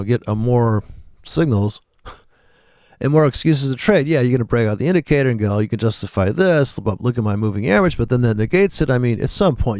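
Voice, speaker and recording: A man's voice: mid-range voice, darkish tone, no room sound, clean studio sound. A man talking casually and profanely as he comments live on trading charts, rambling and thinking aloud. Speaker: trading video host.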